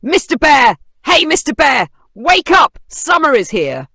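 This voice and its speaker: A tiny, brave little mouse with a high, squeaky voice and a gravelly edge, put on by a storybook narrator. He pleads and calls out in small, eager bursts. The sound is close and dry, with no room around it. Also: sing-song, moderate pace, no room sound. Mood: shouting.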